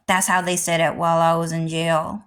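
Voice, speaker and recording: A woman vlogger ranting in a rambling, heavily profane way, jumping from loud outbursts to low mutters. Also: level tone, moderate pace, clean tone. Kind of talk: rambling livestream rant.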